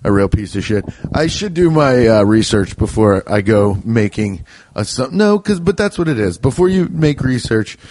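A young man rambles through his solo podcast with loose, profane humor and quick quoted voices. His pitch leaps and dips expressively as he goes. The sound is close and dry, with no room around it. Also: big pitch swings, a little mellow, no echo. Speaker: podcast host. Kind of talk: casual rambling monologue.

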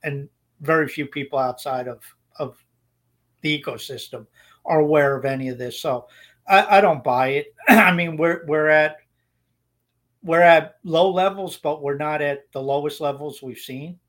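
Blunt, rambling man, slightly high voice. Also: normal speed, a bit bright. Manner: blunt, rambling, frequent restarts. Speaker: podcast co-host. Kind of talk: casual opinionated chat.

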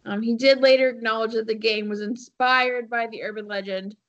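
A woman's voice: a little high, steady tone, a little fast, a bit bright. Rambling woman on lo-fi audio. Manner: rambling with many fillers and laughs. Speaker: podcast co-host. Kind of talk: casual chat, telling a story.

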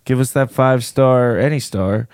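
A man's voice: medium pitch, measured pace, a little mellow, smooth, no echo, studio quality. A man co-hosting a podcast, chatting casually and playfully, riffing on silly ideas with his friend. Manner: playful, joking, riffs on ideas. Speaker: podcast co-host. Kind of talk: casual chat.

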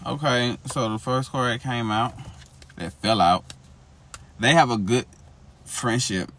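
A man giving a casual tarot reading on his podcast, sassy and expressive, swearing freely. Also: mid-range voice, unhurried, pauses often. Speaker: tarot reader.

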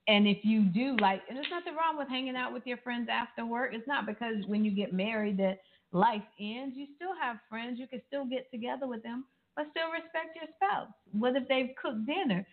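A woman's voice: a little high, moderate pace. A woman co-hosting a talk show, giving earnest relationship advice and sharing personal stories. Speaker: co-host of a marriage talk show. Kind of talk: casual advice chat. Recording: tinny phone-like sound.

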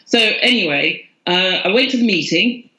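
A woman's voice: mid-range voice, animated, normal speed, bright, forceful tone, reverberant, rough recording. A woman, a podcast guest telling her story candidly and with self-mockery. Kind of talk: casual storytelling.

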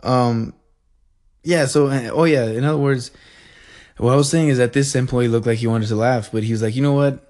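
A young man telling a story in a casual rant, animated and rambling, swearing and laughing as he goes. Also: mid-range voice, moderate pace. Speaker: vlogger.

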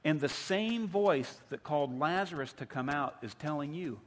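A man's voice: a little high, expressive, normal speed, hardly any pauses. Man preaching in an echoing hall. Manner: preaching with rising, emphatic repetition. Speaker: pastor. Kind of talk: sermon. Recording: long hall reverb.

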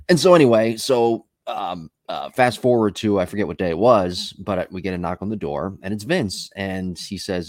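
Low-voiced man telling rambling stories. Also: lively intonation, normal speed, darkish tone, dry recording, clean studio sound. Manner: rambling storyteller, many fillers and asides. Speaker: podcast host. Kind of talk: casual podcast chat.

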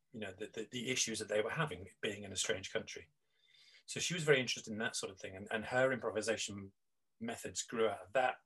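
A man's voice: on the low side, a bit bright, slightly rough, low-quality recording. A middle-aged man, a guest on an interview, talking reflectively with many restarts and fillers. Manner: rambling, with frequent restarts and fillers. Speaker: guest, improv teacher.

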